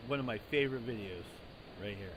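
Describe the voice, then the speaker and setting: A man's voice: fairly low pitch, quick pace, slightly rough, no room sound. A man hosting a casual news commentary show, talking in a loose, rambling way with lots of fillers and repeats.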